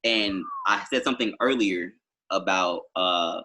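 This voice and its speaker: A man's voice: low voice, unhurried, sharp tone. A man talking as a musician guest on a podcast, telling long rambling stories full of fillers in casual conversation. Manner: rambling storytelling with many fillers.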